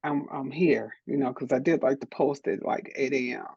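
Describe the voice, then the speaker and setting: A woman's voice: extremely low pitch, level tone, fairly quick, a little mellow, husky, no echo, muffled recording. A middle-aged woman from Detroit, a DJ and producer, giving candid interview answers in a frank, emphatic, encouraging way. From Detroit, USA.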